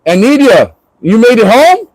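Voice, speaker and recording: High-voiced joking man streaming live. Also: sing-song, normal speed, a little mellow, no room sound, poor audio. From Florida. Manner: joking, rambling, laughs often. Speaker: livestreamer. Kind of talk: casual livestream chat.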